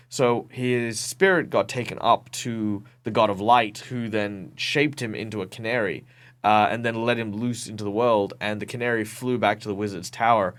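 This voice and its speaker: This Perth-born professional game master, with an Australian accent, joins an interview by video call and chats casually. His lowish voice keeps a steady tone at normal speed while he tells lively stories full of ums and false starts.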